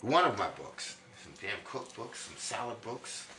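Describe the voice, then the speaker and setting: A man from New York doing a loud, preachy comic monologue that swings between high and low. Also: sing-song, measured pace, recorded from a distance, a little hiss or hum. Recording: echoey room, from off-mic.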